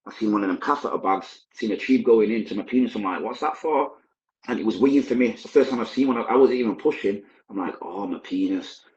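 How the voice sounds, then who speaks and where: A man's voice: fairly low pitch, fast, few pauses, a little mellow, reverberant, highs cut off. A man, a podcast guest, recounting his past in a candid, vivid, blunt present-tense way. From Manchester, England. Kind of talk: personal storytelling.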